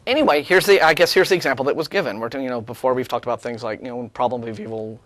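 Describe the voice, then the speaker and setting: The co-host of this call-in talk show is a man with a medium-pitched, fairly bright voice who talks fast. His casual chat is sarcastic and meandering, with frequent restarts, and the recording has no room sound.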